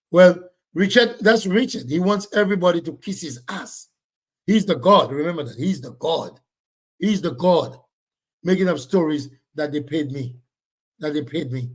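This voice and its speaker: Brief: male livestream host, loud and blunt, voice sits a bit high. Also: husky. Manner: loud, blunt, repetitive scolding of commenters. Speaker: livestream host reading viewer comments. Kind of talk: casual livestream chat.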